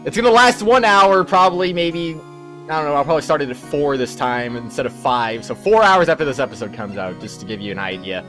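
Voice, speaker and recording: A man's voice: on the high side, animated, a little fast, fairly bright tone, soft background music. A man hosting a let's play, chatting casually in a rambling, self-correcting way. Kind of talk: casual gaming commentary.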